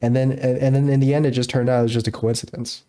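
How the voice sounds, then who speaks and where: A man's voice: mid-range voice, little pitch movement, quick pace, warm tone, clear, resonant tone. A man co-hosting a podcast in casual, joking chat, acting out movie scenes in little voices. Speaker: podcast co-host.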